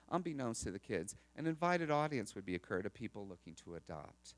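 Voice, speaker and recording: A man giving a chatty, animated storytelling talk to a live audience at an expo. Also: medium pitch. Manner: chatty, animated, restarts and laughs. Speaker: speaker telling stories at an expo.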